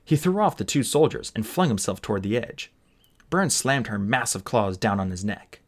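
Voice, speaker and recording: A man reading a fantasy novel aloud as an expressive audiobook narrator. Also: lowish voice, normal speed. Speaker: audiobook reader. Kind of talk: storybook narration.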